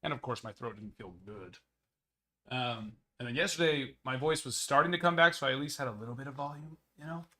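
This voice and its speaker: A man hosting a card break livestream, slightly raspy and hoarse as he recovers from a cold, chatting and teasing playfully. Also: medium pitch, brisk, bright, forceful tone. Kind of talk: casual livestream chat.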